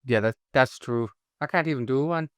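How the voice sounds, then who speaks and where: A man from Ireland co-hosting a podcast, talking about an episode like an eager, joking fan. His voice is smooth and clear at a mid pitch for a man. The sound is dry and close, with no room echo. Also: normal speed. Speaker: podcast co-host. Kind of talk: casual chat about a TV episode.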